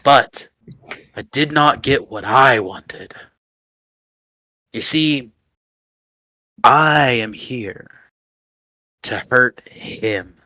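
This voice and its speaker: A man voicing a taunting male devil who bargains for souls. He speaks slowly and quietly, with a mocking edge. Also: mid-range voice, no room sound.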